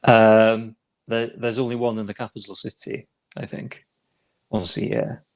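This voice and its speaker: Soft-spoken man, lowish voice. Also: level tone, measured pace. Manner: soft-spoken, stammering restarts. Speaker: guest co-host. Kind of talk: casual podcast chat.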